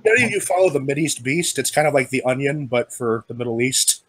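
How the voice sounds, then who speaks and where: A man's voice: medium pitch, animated, a bit bright, dry recording. A man telling long jokes in a casual group chat, moving easily through the setups. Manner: smooth storyteller, quick voice changes for quoted characters. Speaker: podcast regular telling jokes.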